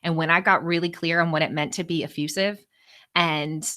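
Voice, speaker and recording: An expressive woman speaker telling a story to a room of listeners. Her voice sits low but has a bright, forceful edge. She talks with lively, animated energy. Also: moderate pace. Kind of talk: storytelling talk to a live group.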